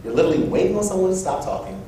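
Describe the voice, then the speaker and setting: A young man giving a personal storytelling speech at an event, animated and acting out quoted voices. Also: very fast. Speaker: event speaker. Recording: echoey room from far off with low rumble.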